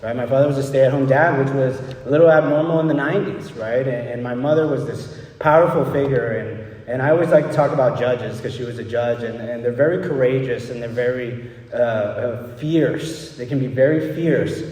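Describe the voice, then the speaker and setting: A man's voice: medium pitch, fairly quick, a little mellow. A young man from El Paso tells his recovery story at a meeting in a loose, candid way, often checking in with "right?" and "you know". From El Paso, Texas. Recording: echoey hall, distant mic, faint background noise.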